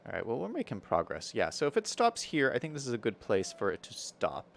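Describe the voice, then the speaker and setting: A man's voice: medium pitch, wildly swooping pitch, fairly quick, vocal fry, slight background noise. A man streaming a building game, chatting casually with viewers and thinking aloud as he builds, with an American accent and frequent laughs.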